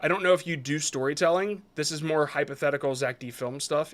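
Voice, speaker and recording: A man's voice: on the high side, fairly even intonation, a little fast, hardly any pauses. A man reviewing viewers' short videos on a live stream, talking casually and rambling a bit as he gives frank advice.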